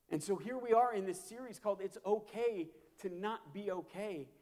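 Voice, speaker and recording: A man preaching a sermon as a pastor, impassioned and repetitive, swinging from hushed to loud. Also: high-pitched, moderate pace, few pauses. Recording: long hall reverb.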